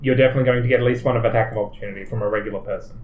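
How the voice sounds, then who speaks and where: A man narrates a tabletop game as its game master, explaining the rules at a brisk, easy clip. His voice sits mid-range. The room around him is noticeably echoey. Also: medium pitch, fairly even intonation, a little mellow.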